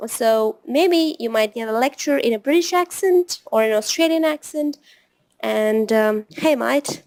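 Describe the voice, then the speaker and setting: A woman tutoring test preparation in an informal online lesson, chatty and often ending her points with a quick tag question. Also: on the high side, darkish tone.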